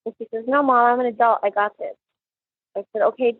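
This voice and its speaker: A woman's voice: on the high side, steady tone, dry recording. Middle-aged woman on a tinny phone line. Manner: halting, with many restarts and quoted dialogue. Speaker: mother of the victim, recounting events. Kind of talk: personal recollection interview.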